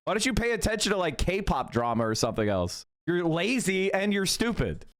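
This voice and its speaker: A man rants at his viewers, cursing and mocking his critics. His voice is lively, rising and falling a lot, and sits a little high. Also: a little fast. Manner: combative, profane, mocking. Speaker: political streamer. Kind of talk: live-stream rant to chat.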